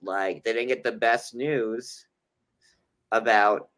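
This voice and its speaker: A man co-hosting a casual reality-TV recap chat, animated and quick to slip into playful impressions. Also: lowish voice. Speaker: co-host.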